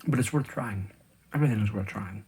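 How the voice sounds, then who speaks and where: A man's voice: on the low side, brisk, darkish tone, husky. A man vlogging casually while he eats, rambling with lots of fillers and talking with food in his mouth. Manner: rambling, with many fillers and restarts. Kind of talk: casual chat while eating.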